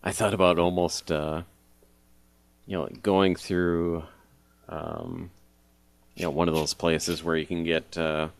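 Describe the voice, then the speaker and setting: A man's voice: deep voice, little pitch movement, takes it slowly, long pauses, no room sound. A middle-aged man co-hosting a podcast, chatting casually and rambling through stories, laughing often. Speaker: podcast co-host. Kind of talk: casual chat.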